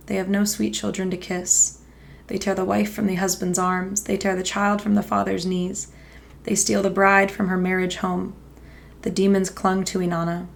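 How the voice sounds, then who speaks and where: A woman podcast host reading an ancient myth aloud in steady, measured storytelling. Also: medium pitch, gravelly.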